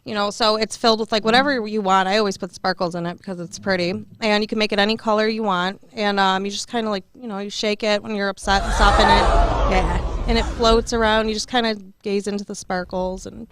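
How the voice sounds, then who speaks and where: A woman's voice: medium pitch, steady tone, a little fast, a bit bright, clean tone. A young woman guest chatting casually and easily, giggling often and leaning on "like" and "you know". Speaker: guest and upcoming show host. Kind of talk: casual chat.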